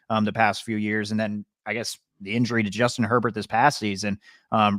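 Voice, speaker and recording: A man's voice: medium pitch, no room sound. British-born man, podcast co-host, rambling casual sports takes, mid voice, dry recording. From Britain. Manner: rambling, self-correcting opinions.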